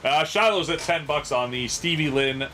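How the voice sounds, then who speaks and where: Hosting a casual sports card auction stream, a thirtysomething man jokes with plenty of profanity and laughs hard at his own tales. He speaks at normal speed in a slightly high, sharp voice over slight background noise.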